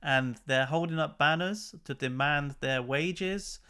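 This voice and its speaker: A man's voice: fairly high pitch, slow pace, sharp tone, clear, resonant tone. A man hosting a channel, chatting casually and with exasperation as he comments on news clips. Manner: chatty and exasperated, laughs between remarks. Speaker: channel host.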